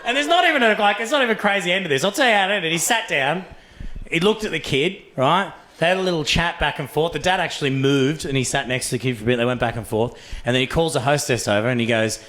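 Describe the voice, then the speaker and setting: Crude, animated Australian comedian. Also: male voice, on the high side, fast talker, slight background noise. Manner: crude, animated, storytelling with swearing. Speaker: stand-up comedian. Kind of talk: stand-up comedy routine. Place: comedy club stage. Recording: echoey comedy club.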